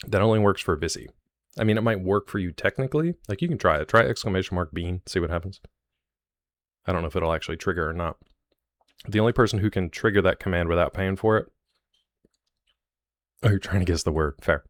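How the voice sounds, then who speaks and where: Male streamer, deep voice, joking and rambling with chat, dry close mic. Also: no echo. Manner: chatty, jokey, rambling asides to chat. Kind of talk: live stream chat with viewers.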